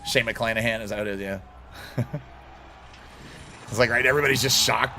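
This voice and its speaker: A young man streams a baseball game live and talks straight to his chat in a loose, blunt way. His pitch swings up and down a lot as he reacts, and he breaks into laughs often. His voice sits at a middle pitch. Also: expressive, fast, fairly bright tone, a little hiss or hum.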